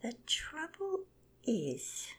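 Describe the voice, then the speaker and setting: A woman's voice: high-pitched, wildly swooping pitch, drawn-out words, voice pushed up, exaggerated voice. A woman voicing a thoughtful, reasoning flamingo in a whispered storybook reading. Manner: reasoning, persuasive.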